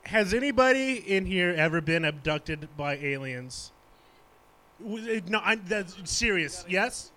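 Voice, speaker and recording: A male podcast co-host at a live show jumps in eagerly with questions for the audience. His voice sits high. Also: expressive, a little slow, bright, forceful tone.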